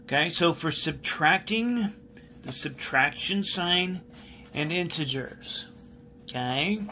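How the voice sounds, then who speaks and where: A man's voice: fairly high pitch, expressive, takes it slowly, bright, forceful tone, a little hiss or hum. A male math teacher giving a recorded classroom lesson, patiently repeating key steps and asking students questions while he writes on a board.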